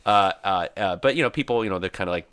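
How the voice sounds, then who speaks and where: A man on a casual podcast, telling animated stories with frequent laughs and casual swearing. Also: low-pitched, quick pace, clean tone, dry recording. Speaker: podcast guest or host.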